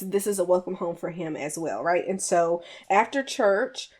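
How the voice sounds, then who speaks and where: A woman hosting a podcast, casually recapping a movie in a chatty, animated way with playful jabs. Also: mid-range voice. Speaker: podcast host reviewing a film. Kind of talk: casual chat.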